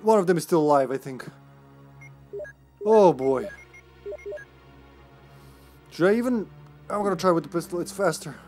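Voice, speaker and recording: A man giving casual let's-play commentary as a game streamer, joking around, laughing often and getting excited in bursts. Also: a little high, fast, soft background music.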